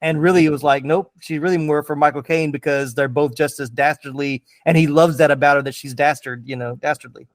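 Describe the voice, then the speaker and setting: A man's voice: a little high, steady tone, brisk, few pauses, dry recording, clean studio sound. A man hosting a casual movie podcast, chatting with enthusiasm and plenty of fillers. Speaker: podcast host.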